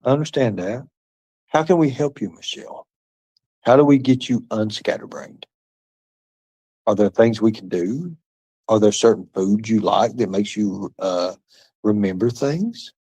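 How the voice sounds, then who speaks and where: A man's voice: lowish voice, a little slow, pauses often, dark tone, husky. A man hosting a livestream, rambling and taunting as he answers chat comments, with profanity and muttered asides. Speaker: livestream host. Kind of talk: rambling live-stream chat reading comments.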